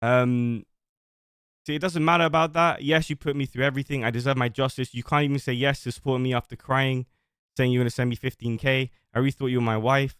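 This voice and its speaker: A man's voice: mid-range voice, fairly even intonation, quick pace, a bit bright, smooth, no room sound, clean studio sound. A man on a livestream reading out old messages and defending himself, rambling at length. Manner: defensive, rambling, reads screenshots aloud. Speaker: streamer.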